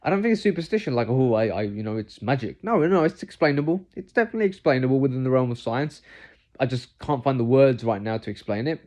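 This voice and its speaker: A man's voice: medium pitch, quick pace, darkish tone. A young man gives casual, earnest dating advice to camera. He says "man" and "like" a lot and gets heated when he rants. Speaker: vlogger giving dating advice.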